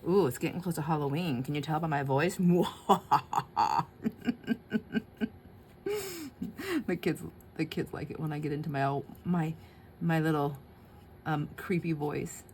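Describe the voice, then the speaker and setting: Low-voiced woman chatting while crafting. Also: fairly even intonation, moderate pace, a little mellow, a little hiss or hum. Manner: chatty, laughs often, talks to herself while working. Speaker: craft channel host. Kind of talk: casual crafting chat to viewers.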